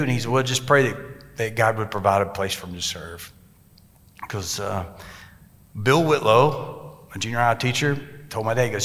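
A man's voice: medium pitch, unhurried, sharp tone. A man, a pastor telling a story in a sermon and voicing the people he quotes. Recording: long hall reverb.

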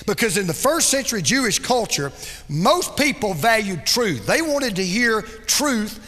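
A man preaching a sermon as pastor, with dramatic delivery that drops soft and low for emphasis. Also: very animated, measured pace, long reverb tail.

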